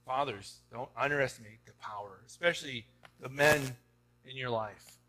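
A man's voice: mid-range voice, moderate pace, bright, forceful tone, slight background noise. A man preaching a sermon as pastor, talking to the congregation in a conversational way and often tossing in "right?" before building to emphatic urging. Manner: rising to emphatic exhortation.

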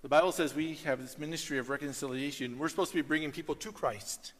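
A man preaching a sermon, telling stories with animated delivery and sudden loud outbursts. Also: fairly high pitch, quick pace. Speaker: pastor. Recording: long hall reverb.

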